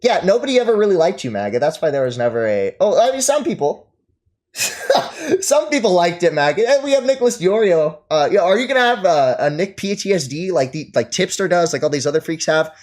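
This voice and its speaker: Mocking male streamer with lively pitch. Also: a little fast. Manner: mocking, scornful, laughs often. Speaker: streamer reacting to chat. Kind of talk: livestream commentary.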